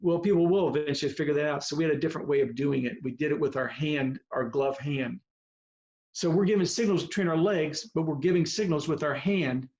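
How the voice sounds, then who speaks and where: A veteran baseball coach in his seventies or older tells heartfelt stories over a video call, earnest and rambling. His voice is a little high with a darkish tone, fairly quick, and the video call microphone makes the audio muffled.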